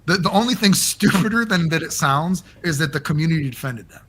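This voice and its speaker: A man as the guest in a casual interview over a call, rambling and animated and swearing often. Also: on the high side, brisk.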